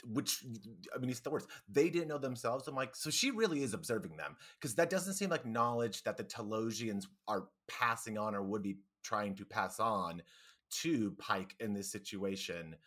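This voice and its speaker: Low-voiced male podcast co-host. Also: moderate pace, a bit bright. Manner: reflective, stumbles over tongue twisters. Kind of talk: casual recap chat.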